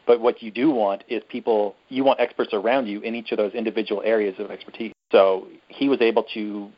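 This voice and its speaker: A man's voice: on the low side, steady tone, brisk. A man co-hosting a podcast, talking casually and earnestly about a movie and openly getting sentimental. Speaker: podcast co-host. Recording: slightly dull lo-fi sound.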